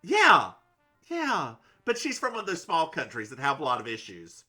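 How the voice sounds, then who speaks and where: Southern-raised man, podcast co-host, snarky and giggly, lively pitch swings. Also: moderate pace, soft background music. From American South. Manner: snarky, laughs often, stumbling restarts. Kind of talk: casual recap chat.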